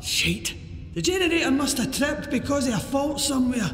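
A blunt, sweary oil rig worker, gruff and impatient. Her voice sits high and moves a lot. It rings out with a long, roomy game reverb. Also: big pitch swings, moderate pace.

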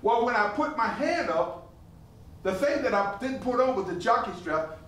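Older man, high voice, animated storyteller to a crowd, distant mic in a roomy hall. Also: normal speed, slight background noise. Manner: animated, laughing storyteller with repeated phrases. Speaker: living history performer and potter. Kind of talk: storytelling to a live audience. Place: museum hall with an audience.

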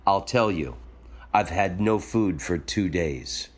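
A man's voice: low voice, expressive, slow pace, slightly rough, voice pushed down, full character voice. A man voicing a shy, hungry young male traveller who speaks hesitantly in a read-aloud story. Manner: hesitant, stammering.

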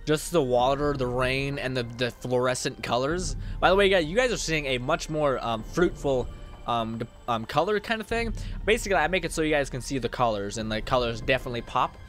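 Man from Canada, gaming host, casual rambling commentary, mid pitch. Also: animated, brisk, a bit bright, soft background music. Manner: rambling and chatty, lots of fillers and swearing. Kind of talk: casual let's-play commentary.

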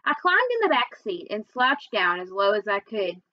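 A woman reading a children's novel aloud, with expressive first-person storytelling. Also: mid-range voice, moderate pace, no echo, lo-fi sound. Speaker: reader.

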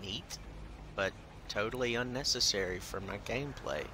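Profane, bright-voiced man commenting on gameplay. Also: mid-range voice, lively intonation, slow pace, long pauses, slight background noise. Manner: profane, sarcastic, muttering to himself. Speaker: gameplay streamer.

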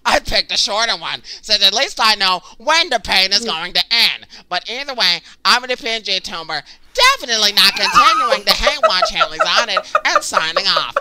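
A man playing an over-the-top, furious male cartoon critic who shouts and swears in melodramatic outrage. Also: sits high, sing-song, moderate pace, few pauses, heavily acted, low-quality recording. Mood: outraged. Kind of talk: satirical rant.

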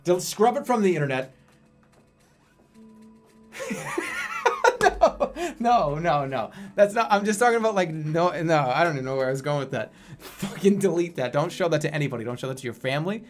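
Animated, rambling male streamer. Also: fairly high pitch, quick pace. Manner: rambling, animated, swears freely. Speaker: livestreamer. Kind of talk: casual chat. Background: faint music.

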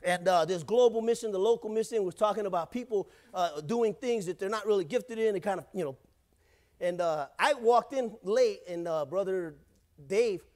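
High-pitched guy preaching in church, chatty and jokey, keeps asking for an amen. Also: normal speed, darkish tone. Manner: casual, joking, calls out to the congregation. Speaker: pastor. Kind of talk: sermon.

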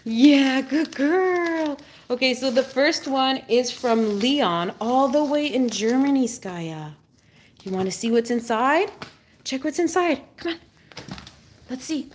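A woman with a high voice hosts a live stream from her home. She coaxes her dog in bubbly, sing-song baby-talk and thanks her viewers. A faint hiss sits under her voice. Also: animated, unhurried. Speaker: pet channel host. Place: home, indoors.

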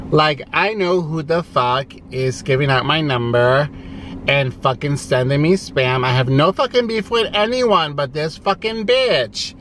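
A man's voice: a little high, a little slow, a bit bright, slight background noise. A man vlogging from inside his parked car, ranting in a profane, sassy, exasperated way. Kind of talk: ranting vlog.

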